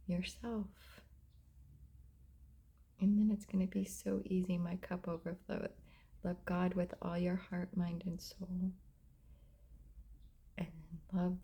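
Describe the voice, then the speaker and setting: A middle-aged mother talking about faith and self-love in a casual vlog, often dropping into soft whispers. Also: lowish voice, vocal fry, breathy edge. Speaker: mother sharing reflections. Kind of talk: casual heartfelt vlog talk.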